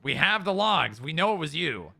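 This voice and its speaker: A man's voice: fairly high pitch, big pitch swings, moderate pace, gravelly, pushed and bright. A man streaming an in-character roleplay, questioning someone insistently and repeating himself. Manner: insistent, repetitive interrogating. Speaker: roleplay streamer playing an officer.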